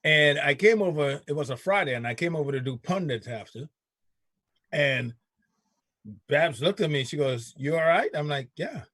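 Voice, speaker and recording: A man's voice: a little high, animated, moderate pace, fairly bright tone, dry recording. A man hosting a casual talk show, telling stories bluntly and animatedly with some cussing. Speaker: show host. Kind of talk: casual chat.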